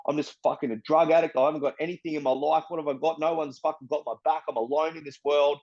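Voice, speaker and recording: Aussie guy, blunt and sweary, says bro a lot, slightly high voice, kinda muffled lo-fi sound. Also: steady tone, fast, darkish tone. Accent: Australian. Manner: blunt and profane, peppered with "bro" and "you know what I mean". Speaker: interviewee. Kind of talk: candid personal storytelling.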